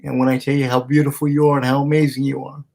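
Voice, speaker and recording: A man speaking into a camera in a heartfelt personal video message to his partner, emotional and halting, with restarts and pauses. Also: mid-range voice, little pitch movement, vocal fry, a little mellow.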